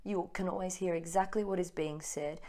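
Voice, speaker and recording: A woman with an Australian accent, co-hosting a casual spiritual chat and talking quickly with many restarts. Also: on the low side, fairly even intonation, mellow. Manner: fast-talking. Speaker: co-host.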